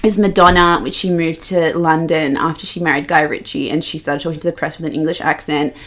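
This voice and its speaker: A young woman with a low-pitched voice chats on a podcast. She gossips with animated, sweary energy, often slipping into mocking impressions of the people she discusses. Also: fairly quick, crowd noise. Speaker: podcast co-host. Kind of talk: casual gossip chat.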